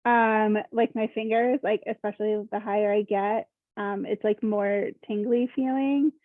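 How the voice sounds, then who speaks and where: In a casual personal share, a young Minnesota woman at a workshop falters and searches for words, filling gaps with "like" over and over. Her pitch is medium and her intonation fairly even, at a measured pace. There's no room sound, though the audio is tinny like a phone call.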